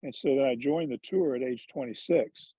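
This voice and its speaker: A man's voice: mid-range voice, moderate pace, warm tone, breathy edge, no room sound. A man, a former touring golfer and TV commentator, telling candid, self-deprecating stories in a casual interview. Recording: dull lo-fi dry sound.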